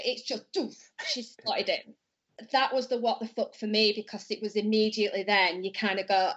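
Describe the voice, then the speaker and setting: A woman's voice: a little high, normal speed, fairly bright tone, husky. A woman on a podcast panel, giving emphatic, slangy opinions. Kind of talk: casual chat. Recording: dull lo-fi audio.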